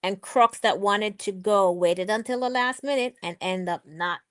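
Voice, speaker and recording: A woman's voice: medium pitch, moderate pace. Chatty woman hosting a livestream. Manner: chatty, reads viewer comments aloud, cheers and laughs. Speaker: livestream host. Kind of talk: casual live stream chat.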